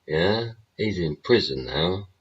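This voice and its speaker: A man with a very deep, rough, husky voice rants bluntly through a show, swearing constantly and sneering with sarcasm. The sound is muffled and lo-fi, like a cheap stream mic. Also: animated, takes it slowly. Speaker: show host. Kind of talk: ranting livestream commentary. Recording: dull lo-fi audio.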